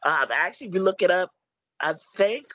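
A man's voice: sits high, lively intonation, brisk, fairly bright tone, no room sound, muffled recording. A man talking about the movie he made in a casual chat, rambling with lots of "you know" and restarts. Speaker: filmmaker discussing his movie.

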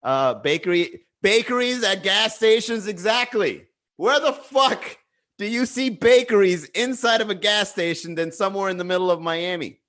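A man's voice: high-pitched, moderate pace, fairly bright tone. A man chatting casually on a livestream, reading the chat and joking with a lot of profanity. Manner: profane, joking, laughs often.

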